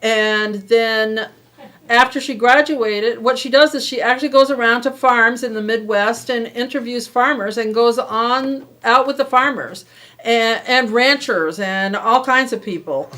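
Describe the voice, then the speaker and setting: A woman's voice: a little high, unhurried, pushed and bright. A woman co-hosting a casual chat, telling stories and teasing her co-host. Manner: storytelling, teasing.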